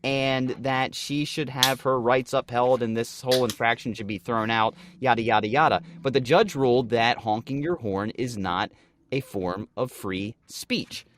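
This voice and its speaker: A man co-hosting a comedy podcast, telling news stories in an animated way, with swearing and mock voices. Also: mid-range voice, measured pace, a little hiss or hum. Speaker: podcast co-host. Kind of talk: casual comedic podcast chat.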